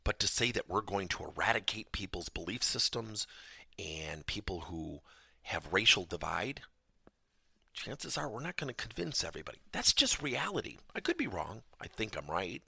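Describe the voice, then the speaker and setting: A man with a gravelly, bright-edged voice delivers a podcast lesson. His pitch swings widely as he tells stories, and the sound is dry and close, with a husky grain. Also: normal speed, no room sound. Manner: animated storytelling, acts out dialogue in raised voice. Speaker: podcast host and trainer.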